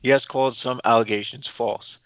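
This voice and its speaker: Male cohost reading headlines aloud, blunt asides, mid pitch, dry sound. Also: steady tone, brisk, fairly bright tone, no echo, low-quality recording. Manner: reads headlines, then adds blunt remarks. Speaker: livestream cohost. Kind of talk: reading news and commenting.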